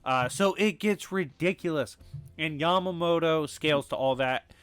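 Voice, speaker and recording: A man narrating a scripted argument in a brisk, matter-of-fact way, his voice a little raspy today, with filler ums. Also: a little high, fairly bright tone, no echo, faint music behind. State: slightly raspy voice. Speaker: video essay narrator.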